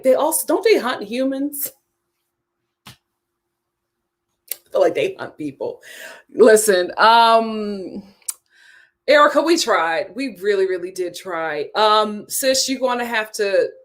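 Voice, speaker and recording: A woman hosts a relaxed live-stream chat show. Her voice sits at an ordinary middle pitch. She talks in a loose, emphatic way, reads viewer comments aloud and says her key lines twice or three times over. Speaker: host of a reality TV chat stream.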